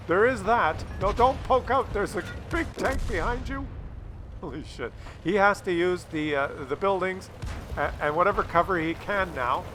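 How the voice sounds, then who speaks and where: A man commentating a tank game replay, animated and loud at big moments. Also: sits high, normal speed, background noise. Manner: animated, shouts and laughs at big shots. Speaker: gameplay commentator.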